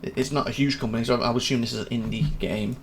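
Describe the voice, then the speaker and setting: Talking very fast in a steady tone, a gaming channel host with a mid-range voice commentates a game demo casually, let's-play style. He rambles and thinks aloud as he goes through the menus. Loud game music plays behind him, along with a little hiss or hum.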